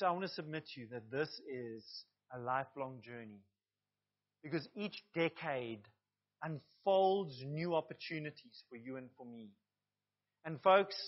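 A man's voice: fairly high pitch, lo-fi sound. A male pastor preaching a sermon to his congregation, earnest, with asides to the listeners.

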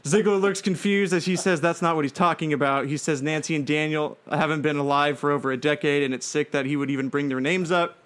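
Guy narrating wrestling matches play by play, kinda high voice, lots of uh and restarts. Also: fairly even intonation, fast talker, hardly any pauses, a bit bright. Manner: rambling, frequent fillers and restarts, breaks into laughter. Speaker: fantasy wrestling show narrator.

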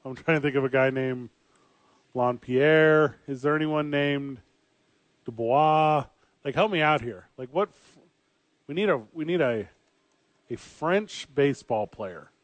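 A man's voice: medium pitch, a little slow, pauses often, dry recording. A man co-hosting a casual sports chat, joking and rambling with lots of fillers. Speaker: podcast co-host.

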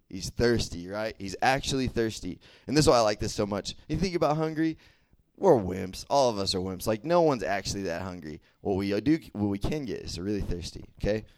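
A young man preaching a casual sermon as a youth pastor, chatty and animated, full of fillers and quick check-ins with the room. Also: on the low side, no room sound.

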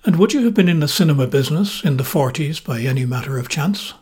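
A genial, wry middle-aged Dublin man, spoken in a very husky, raspy voice, as a male storyteller puts him on. He talks friendly and knowing, a figure in an audio story. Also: fairly high pitch, animated, fast talker, a little mellow.

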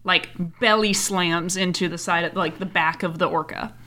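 Bright young woman in her 20s, podcast cohost, retelling a movie all animated and sweary. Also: lowish voice, moderate pace. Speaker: podcast co-host. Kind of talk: casual movie recap chat.

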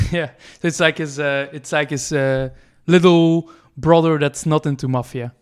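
A man's voice: a little high, steady tone, measured pace, smooth. A man, a podcast co-host chatting casually, hesitant with many fillers and restarts. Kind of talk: casual chat.

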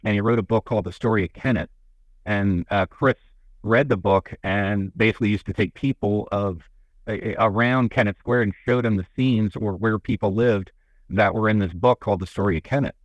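Low-voiced man telling museum stories. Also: brisk, dry recording, poor audio. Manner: rambling, folksy storytelling with many restarts. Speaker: museum representative. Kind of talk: radio interview guest. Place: radio studio. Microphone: studio microphone.

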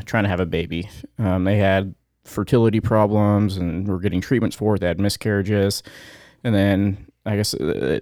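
A man co-hosting a podcast, reading out a news story in a casual, halting way, often pausing with fillers and getting choked up. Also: lowish voice, a little mellow, no echo, studio quality. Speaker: podcast co-host.

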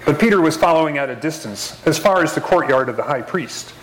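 A man's voice: on the high side, expressive, fairly quick, a little hiss or hum. Man reading scripture in an echoey church. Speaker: lay reader. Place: church sanctuary.

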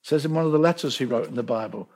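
A man preaching a sermon, telling the story with lively emphasis and repeating words to drive points home. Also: mid-range voice, very fast. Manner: animated storytelling, acting out quoted voices.

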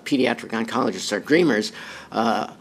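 A man's voice: fairly low pitch, normal speed, vocal fry, husky. A man, a pediatric oncologist, speaking earnestly in an interview about treatments. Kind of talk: interview answer.

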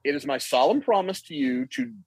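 Lower-voiced teasing woman quizmaster. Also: animated, fairly quick, a little mellow, husky, no room sound, soft background music. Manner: teasing, mock-formal quizmaster. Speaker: podcast host and quizmaster. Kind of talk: casual chat.

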